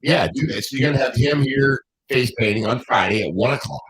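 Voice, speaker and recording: A man's voice: mid-range voice, brisk, fairly bright tone. An older man co-hosting a studio talk show in casual chat, rambling and repeating himself. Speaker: co-host.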